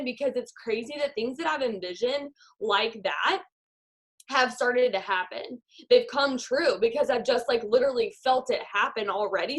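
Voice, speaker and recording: A woman, a network marketing leader giving an upbeat motivational talk over a video call. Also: a little high. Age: 20s. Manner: upbeat, guides a visualization.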